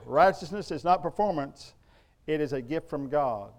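A middle-aged pastor with a fairly high, expressive voice preaches a sermon in church at a normal pace. He's emphatic yet conversational, full of rhetorical questions.

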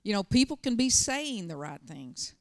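A woman's voice: medium pitch, big pitch swings, normal speed, dry recording, clean studio sound. A middle-aged woman pastor preaching a sermon, telling stories with emphatic, urgent bursts. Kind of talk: sermon with personal storytelling.

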